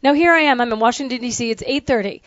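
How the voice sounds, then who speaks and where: A middle-aged woman co-hosting a casual chat, telling stories with lively acted-out dialogue. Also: fairly high pitch, fast talker, dry recording, highs cut off. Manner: animated storyteller who acts out phone calls.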